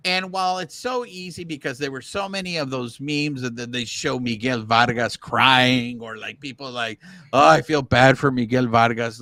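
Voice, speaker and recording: A man's voice: medium pitch, bright, forceful tone, no echo. A man co-hosting a baseball podcast, chatting casually and animatedly, often restarting his sentences. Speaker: podcast co-host. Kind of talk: casual sports chat.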